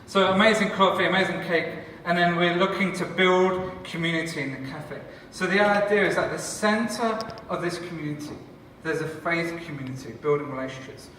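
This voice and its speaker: Bright-voiced Englishman joking in an echoey hall. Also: high-pitched, a little fast, hardly any pauses, far from the mic, slight background noise. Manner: enthusiastic, joking, chatty with the audience. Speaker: church leader and cafe founder. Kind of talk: conference talk to a live audience. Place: large conference hall.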